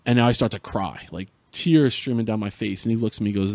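A man's voice: lowish voice, fast talker, gravelly, darkish tone, no room sound. A middle-aged man from Central New Jersey, a podcast guest earnestly retelling a painful personal story with frequent restarts.

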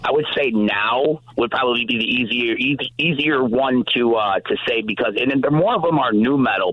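A man in casual chat about horror movies and music, rambling, animated and swearing freely. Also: on the low side, dry recording, narrow, tinny audio.

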